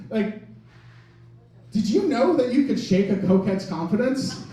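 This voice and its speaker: Audience laughter fills a comedy club as a young Wisconsin comedian does stand-up, rambling through a self-mocking story loaded with "like." His extremely high-pitched, dark-toned voice is animated and moves at a normal speed, captured from afar by an echoey club mic.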